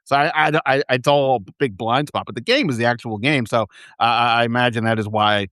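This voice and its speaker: A man's voice: mid-range voice, steady tone, brisk, fairly bright tone, dry recording, clean studio sound. A man hosting a sports podcast in casual chat, rambling and restarting often as he thinks aloud. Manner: rambling, self-correcting, many restarts. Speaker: podcast host.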